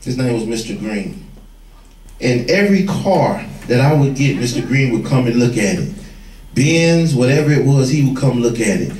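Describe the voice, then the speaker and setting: A former gang leader telling street stories to young people, vivid and plain-spoken. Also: male voice, mid-range voice, animated, moderate pace, darkish tone. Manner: vivid storyteller, acts out quoted voices. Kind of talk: storytelling talk to a room. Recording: echoey room, far from the mic.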